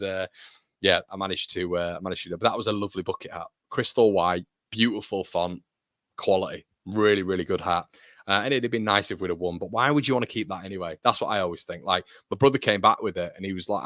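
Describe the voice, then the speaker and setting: Chatty low-voiced British man hosting. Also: sharp tone, no echo, clean studio sound. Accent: British English. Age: 30s. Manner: chatty and rambling, reading out viewer messages, often laughing. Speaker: football fan channel host. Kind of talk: casual live match watchalong chat.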